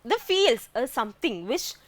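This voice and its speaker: A woman's voice: fairly high pitch, big pitch swings, moderate pace, dry recording. A woman with an Indian English accent teaching a grammar lesson, asking questions and answering them herself.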